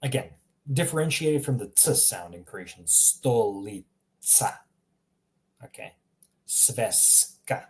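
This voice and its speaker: A man giving a casual live language lesson, chatty and relaxed, reacting to viewers' examples and laughing now and then. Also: mid-range voice, brisk. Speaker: language teacher.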